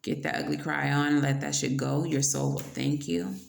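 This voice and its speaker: A woman giving a casual tarot reading, blunt and playful, swearing now and then between soft fillers. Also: extremely low pitch, level tone, normal speed, creaky, roomy sound. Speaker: tarot reader.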